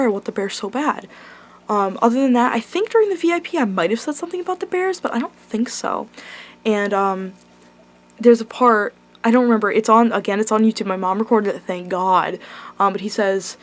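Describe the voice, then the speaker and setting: A woman's voice: mid-range voice, animated, brisk. A young woman vlogger telling a concert story in casual, gushing talk, full of ums and likes and casual swearing. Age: young adult.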